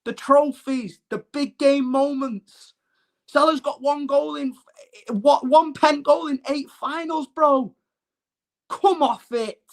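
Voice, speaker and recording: A man's voice: extremely high pitch, slow pace, vocal fry. A man hosting a live football stream, ranting brashly and mockingly while answering his chat.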